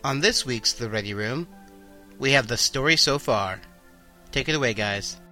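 A man's voice: medium pitch, moderate pace, loud music behind the voice. A man hosting a podcast and introducing the episode in an upbeat way. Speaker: podcast host.

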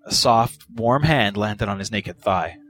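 A man reading fan fiction aloud in a steady, measured narration. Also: lowish voice, faint music behind. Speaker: reader.

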